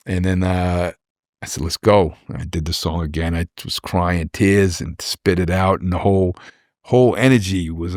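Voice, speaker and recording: Low-voiced man telling stories, rambling. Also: no echo, clean studio sound. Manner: rambling, repeats words, lively impressions of people. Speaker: rapper, guest. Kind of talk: casual storytelling interview.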